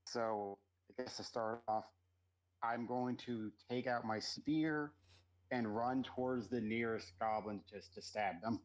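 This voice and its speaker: A man playing a tabletop game, stating his actions in a quiet, matter-of-fact way over a dull lo-fi call. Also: mid-range voice, fairly even intonation, slow. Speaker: player. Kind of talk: casual tabletop play.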